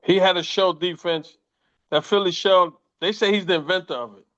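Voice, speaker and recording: A man in his sixties who once boxed tells stories in a relaxed interview, cursing freely and acting out other people's lines. His voice sits a little high. The audio is dull and lo-fi. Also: normal speed. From United States. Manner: profane, animated anecdotes with quoted voices. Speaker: former boxer, interview guest. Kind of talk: casual storytelling interview. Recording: muffled lo-fi audio.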